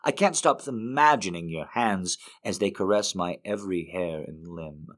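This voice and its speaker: A man hosting a show and reading poems aloud in an expressive way, lifting some lines and dropping others to a hush. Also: deep voice, moderate pace. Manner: expressive reader, swings between lifted and hushed phrases. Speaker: host. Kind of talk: poetry reading.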